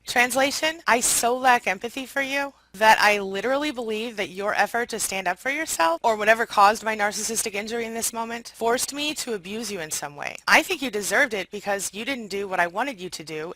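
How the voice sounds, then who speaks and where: Bright, dramatic woman host. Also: a little high, brisk, few pauses, no echo, poor audio. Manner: expressive, dramatic, sarcastic. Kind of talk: acted skits and explanations.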